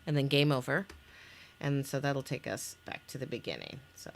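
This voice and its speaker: Presenting an interactive story game of her own making, a woman casually reads its scenes aloud, stopping to restart and laugh. Her voice is extremely low and creaky, at a moderate pace, with slight background noise.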